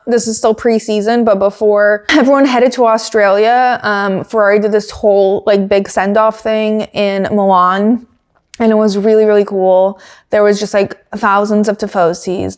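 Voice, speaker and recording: A woman hosting a casual motorsport podcast, chatting with many fillers, giggles and dry asides. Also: mid-range voice. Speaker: podcast host. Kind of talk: casual chat recapping motorsport news.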